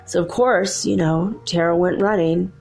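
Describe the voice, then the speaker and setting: A woman's voice: on the low side, normal speed, gravelly, faint music behind. A middle-aged woman hosting a show, telling a ghost story in a casual way, laughing often and acting out the voices of the people in it. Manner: animated, laughs often, acts out quoted voices. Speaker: podcast host.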